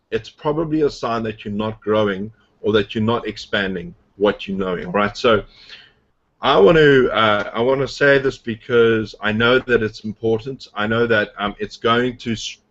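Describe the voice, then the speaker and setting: A man's voice: on the low side, fairly bright tone. Rambling man coaching on a muffled call. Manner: rambling storyteller, heavy on fillers and restarts. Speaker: online business coach. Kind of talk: casual motivational talk on a group video call.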